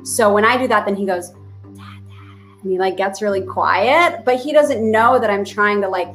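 A woman's voice: medium pitch, brisk. Woman therapist around thirty, casual podcast guest, chatty, fillers and restarts, faint music behind.

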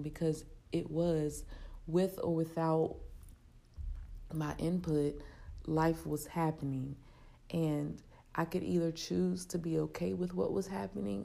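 A woman hosting her own podcast in a soft, reflective, heartfelt way, with a raspy voice, recorded in an open, spacious area. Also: deep voice. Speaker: podcast host. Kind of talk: casual solo podcast talk.

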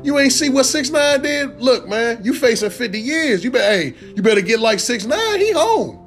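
Man putting on a pushy male prosecutor, wheedling, high squeezed voice, louder. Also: big pitch swings, moderate pace, faint music behind, exaggerated voice. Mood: coaxing, pushy. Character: coaxing male prosecutor pressuring a suspect.

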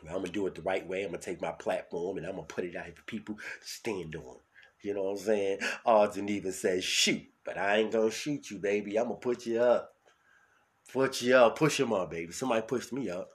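A man with a New York accent hosting his own solo podcast, talking loud and hyped, then dropping to a mutter. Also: fairly low pitch, fast. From New York City. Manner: loud, hyped, swings between shouting and mumbling. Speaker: podcast host.

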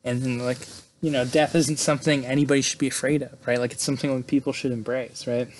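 A man's voice: medium pitch, little pitch movement, fast, a little mellow, a little hiss or hum. A man casually recapping a movie's plot, rambling with lots of fillers and tag questions. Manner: rambling, filler-heavy, frequent "right?" and "like"; laughs between lines. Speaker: film recapper.

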